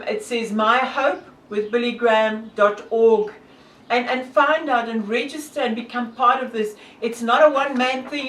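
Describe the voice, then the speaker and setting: In a fairly high, somewhat bright voice, a South African woman with a South African accent chats casually to camera as a hiker and vlogger, sounding earnest and devout and using many fillers. The poor audio has a roomy sound, a distant mic, and a little hiss or hum.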